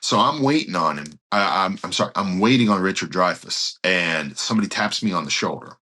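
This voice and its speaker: A man, a pastor and guest, telling a story in conversation in an earnest, animated way and acting out what others said. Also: deep voice, fairly quick. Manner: animated, acts out others' speech while retelling; earnest, some restarts.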